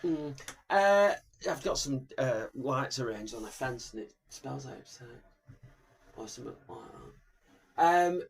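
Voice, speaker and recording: A man's voice: mid-range voice, lively intonation, unhurried, creaky. A man co-hosting a casual podcast, joking, interrupting and dropping into impressions. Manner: jokey, interrupting, breaks into impersonations. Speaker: podcast co-host.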